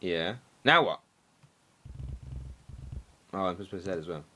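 A young man doing let's play commentary, excitable and swearing, shouting at the game. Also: low-pitched, normal speed, a little hiss or hum. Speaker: gaming commentator.

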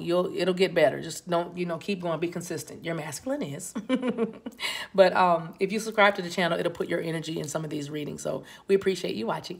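A woman giving a casual, playful tarot reading straight to her viewers, with sudden high exclamations. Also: creaky, slightly rough. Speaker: tarot reader.

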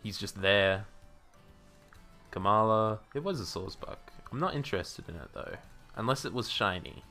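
A man streaming a game, talking casually to himself and viewers, swearing freely, laughing often and bursting into loud outrage. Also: fairly low pitch, lively intonation, moderate pace, faint music behind. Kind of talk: casual gameplay commentary.

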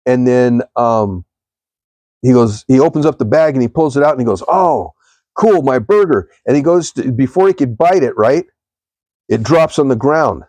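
A man's voice: medium pitch, moderate pace, dark tone, no room sound. A man hosting a devotional live stream, telling stories in a rambling way and speaking straight to his viewers. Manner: rambling storytelling, addresses viewers.

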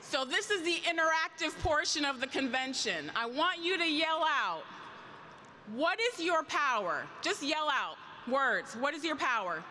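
A woman's voice: sits high, animated, unhurried, sharp tone, big-room sound, slight background noise. A middle-aged woman and union leader giving a rousing convention speech, drawing the crowd in with call-and-response questions. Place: large convention hall.

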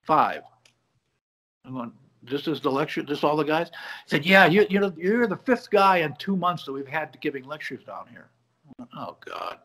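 A man's voice: a little high, moderate pace. A man guest on a video call from his home office, telling a story and acting out the quoted dialogue in it. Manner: animated, acts out quoted dialogue. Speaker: guest, bar magician. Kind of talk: conversational storytelling.

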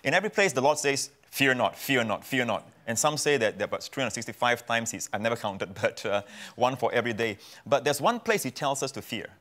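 A man's voice: medium pitch, sing-song, fast, hardly any pauses, a bit bright. A man from Singapore, preaching as a guest pastor on a TV talk show and repeating key phrases for emphasis.

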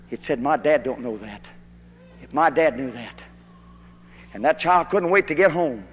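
A preacher from Kentucky, delivering a fiery old-time holiness sermon that rises to shouted emphasis. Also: male voice, on the high side. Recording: dull archival tape in a hall.

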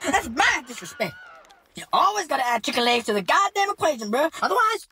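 A squeaky gravelly skeleton bro. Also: male voice, very animated, brisk, bright, forceful tone, full character voice. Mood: outraged. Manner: indignant, slangy "bro" talk. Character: hyper young male skeleton bro, touchy. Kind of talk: cartoon voice acting.

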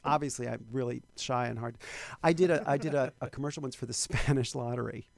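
A man's voice: medium pitch, fast talker, gravelly, dry recording. A man from New York, a guest actor animatedly telling show business stories and acting out other voices. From New York, Long Island. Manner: animated storyteller who acts out voices. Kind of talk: casual chat.

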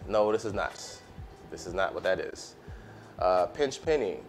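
A man's voice: low voice, animated, measured pace. A man chatting casually with his live-stream audience while he cooks, in a laid-back, slangy way. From United States. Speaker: cooking streamer. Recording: faint music behind.

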